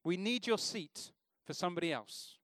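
A man's voice: high-pitched, animated, moderate pace, fairly bright tone, no room sound, studio quality. A man preaching an informal sermon in a church, talking conversationally and asking the congregation questions.

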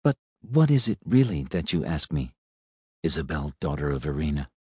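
A man voicing an old male robot who speaks gently and quietly, with a sad, measured manner. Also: rumbling low, big pitch swings, husky, no echo, clean studio sound, exaggerated voice. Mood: gentle.

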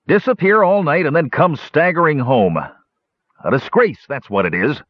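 A man's voice: on the high side, big pitch swings, moderate pace, no echo, muffled recording, pitched above the performer's own voice. A man voicing a pompous, sneering male hill dwarf who scolds his older brother. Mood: scolding. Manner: huffy, sneering.

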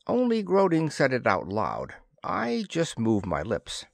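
Guy reading an audiobook, really animated, dry close sound. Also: medium pitch, a little slow, creaky, no echo. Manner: expressive, dramatic. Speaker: audiobook narrator. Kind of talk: scripted first-person narration.

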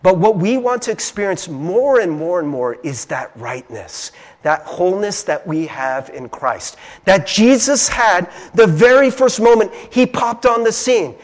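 A man's voice: high voice, animated, a little slow, few pauses. A young man from Ohio preaching a conversational sermon, earnest and confiding, often checking in with his listeners. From Ohio, USA.

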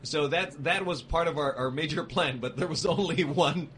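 A man's voice: a little high, normal speed, crowd noise. A man co-hosting a casual radio chat show, rambling and correcting himself, laughing often.

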